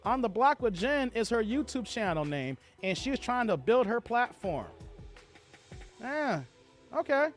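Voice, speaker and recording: A man with a high, animated voice runs a livestream, reacting to clips and reading viewer comments. His delivery is heated and full of swearing, swinging widely up and down in pitch. Soft music plays faintly behind him. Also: a little slow.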